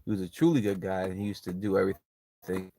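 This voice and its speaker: A man's voice: deep voice, fast talker, creaky, dark tone. A man hosting his own channel, chatting casually and rambling, often laughing and repeating himself. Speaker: channel host. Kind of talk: casual live chat. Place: at home by an open window.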